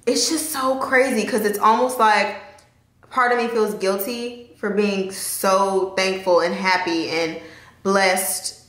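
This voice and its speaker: A woman's voice: mid-range voice, fairly bright tone, reverberant. A young adult woman talking candidly to camera in a vlog, emotional and chatty, laughing at times. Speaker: vlogger. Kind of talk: casual talk to camera.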